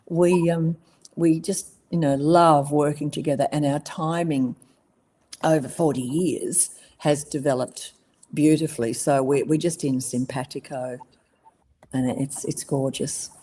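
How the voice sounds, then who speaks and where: An older Australian woman in her seventies, chatting as a guest in an interview. Her voice sits low, and she tells her stories with lively energy and frequent laughter. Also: unhurried, slight background noise. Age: 70s. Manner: lively storyteller, laughs often. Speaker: voice actress guest. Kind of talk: casual interview chat.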